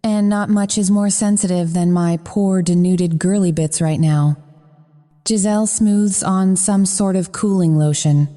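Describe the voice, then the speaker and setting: Low-voiced woman narrating an audiobook. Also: steady tone, a little slow, warm tone, faint music behind. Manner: frank and profane. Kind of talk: first-person romance audiobook narration. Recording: long reverb.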